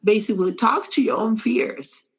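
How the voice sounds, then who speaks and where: Animated woman host, playful and laughing. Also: a little high, normal speed, breathy edge. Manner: animated, laughs often, bursts into playful acted quotes. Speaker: podcast host. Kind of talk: casual podcast chat.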